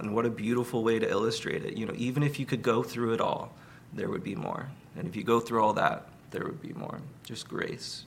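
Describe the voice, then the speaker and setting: Gravelly-voiced man preaching casually. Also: medium pitch, a little hiss or hum. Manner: conversational, relaxed, many fillers, light humor. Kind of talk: sermon.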